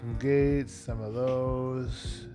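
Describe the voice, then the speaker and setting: A man chatting casually while streaming a game, low-key and rambling, tired and yawning often. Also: steady tone, extremely slow. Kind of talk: casual live-stream chat while playing. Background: background music.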